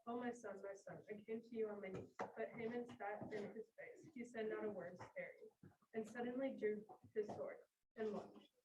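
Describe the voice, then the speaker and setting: A woman's voice: medium pitch, fairly even intonation, moderate pace, background noise, lightly acted. A woman reading a messenger bearing grim news. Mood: grave. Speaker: student reader. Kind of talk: classroom play reading. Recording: echoey room, far from mic.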